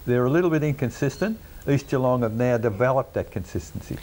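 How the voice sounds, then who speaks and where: An Australian man on a football panel show, measured and analytical. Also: mid-range voice, animated, darkish tone. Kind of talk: sports panel commentary.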